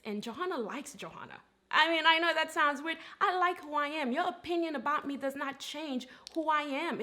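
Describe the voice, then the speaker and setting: A woman's voice: fairly high pitch, a bit bright. A woman in her forties hosting a casual faith talk, earnest and building to emphatic preaching. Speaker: host.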